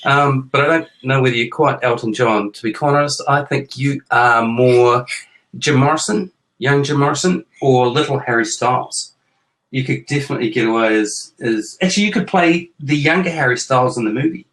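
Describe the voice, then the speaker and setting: Jokey middle-aged New Zealand dad. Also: male voice, mid-range voice, moderate pace, a bit bright, poor audio. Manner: jokey, self-mocking, rambling. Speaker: host. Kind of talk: casual chat with his kids.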